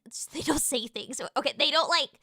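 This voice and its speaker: An excitable young woman chats on her live stream in a high, bright voice. She rambles, restarts and bursts into shouts. The sound is dry and close. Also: normal speed, dry recording. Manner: excitable, with sudden shouted outbursts. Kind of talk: casual live-stream chat.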